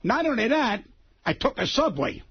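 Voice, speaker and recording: A man's voice: extremely high pitch, very animated, moderate pace, a little hiss or hum. A man in his seventies, a comedian guest, talking bluntly and combatively with lots of profanity in a radio interview. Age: 70s. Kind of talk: heated radio interview banter. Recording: dull lo-fi radio broadcast.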